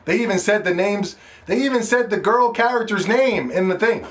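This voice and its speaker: A man's voice: sits high, normal speed. A man hosting a podcast, telling stories in a casual monologue and acting out other people's reactions with slang. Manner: animated storytelling, mimics other people in slang. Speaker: podcast host.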